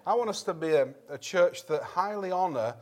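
A man's voice: sits high, animated, normal speed, darkish tone. Earnest man preaching a sermon. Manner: conversational, earnest, frequent throat-clearing and restarts. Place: church.

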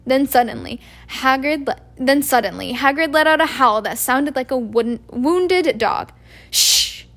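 Brief: amateur woman narrator, storybook, slight fry, trips over words. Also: high voice, lively intonation, moderate pace, hardly any pauses, a bit bright. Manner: stumbles and restarts words. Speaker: amateur audiobook reader.

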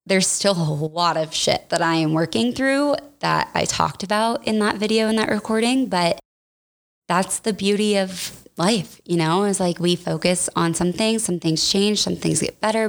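A woman's voice: on the low side, moderate pace, vocal fry. A young woman hosting a podcast, talking candidly and casually, full of "like" and "y'all". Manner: chatty, candid, uses "like" and "y'all" a lot. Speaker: podcast host. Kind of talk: casual personal podcast talk.

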